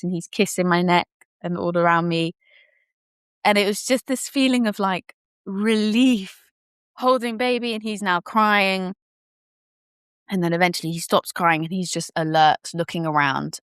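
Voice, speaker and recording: Candid woman telling her birth story, low voice. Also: a little slow, clear, resonant tone, no echo, studio quality. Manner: animated storyteller who acts out what people said; candid, casual, occasional swearing. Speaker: podcast guest. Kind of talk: personal birth story told in conversation.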